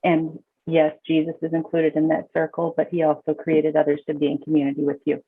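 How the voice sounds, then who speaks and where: Speaking a little fast in a low, husky monotone, a woman counselor is a guest on a podcast. The call audio sounds tinny, and she gives casual advice emphatically, often repeating words as she gets a thought going.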